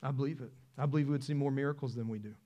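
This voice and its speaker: A man, preaching a sermon in a church, animated and conversational, asking the congregation questions. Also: mid-range voice, racing, dull audio. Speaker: pastor. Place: church sanctuary.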